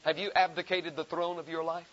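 A man's voice: on the high side, little pitch movement, a bit bright. Preacher man with a raised voice, lo-fi. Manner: rhetorical repetition, emphatic rising delivery; slow deliberate reading of scripture. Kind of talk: sermon. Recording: dull lo-fi sermon recording.

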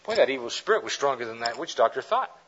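Animated preacher man, husky lo-fi tape. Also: medium pitch, quick pace. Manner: animated storyteller acting out quoted characters. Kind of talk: lecture-style sermon with illustrations.

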